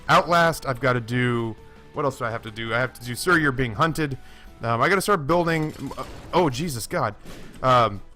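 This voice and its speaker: Bright-voiced chatty man rambling over gameplay. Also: mid-range voice. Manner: chatty, self-deprecating, lots of fillers and restarts. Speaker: gaming YouTuber. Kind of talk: rambling let's-play commentary.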